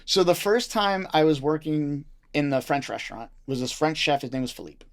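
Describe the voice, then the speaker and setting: A man's voice: a little high, normal speed. A man who is a chef and restaurant owner, talking bluntly and with animation as a guest in a casual interview, swearing freely.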